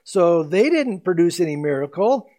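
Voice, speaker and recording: A man preaching an expository sermon, emphatic, reading scripture slowly and then explaining it. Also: high voice, very animated, darkish tone. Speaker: pastor.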